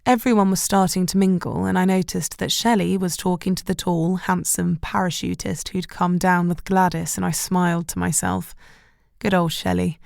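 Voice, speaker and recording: A woman's voice: lowish voice, steady tone, normal speed, gravelly, darkish tone, dry recording, clean studio sound. A woman narrating a romantic novel in the first person as an audiobook.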